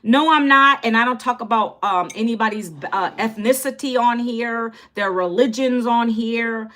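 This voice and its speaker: A woman's voice: on the high side, normal speed, sharp tone. A woman in her fifties, a content creator, chatting casually on a livestream, greeting viewers by name in an upbeat, chatty way. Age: 50s.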